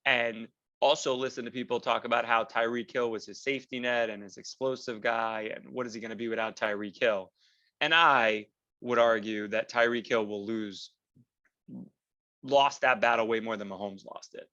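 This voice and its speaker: Bright, emphatic man talking sports. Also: mid-range voice, steady tone, normal speed, dry recording, highs cut off. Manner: emphatic, opinionated. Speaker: podcast host. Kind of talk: casual sports talk.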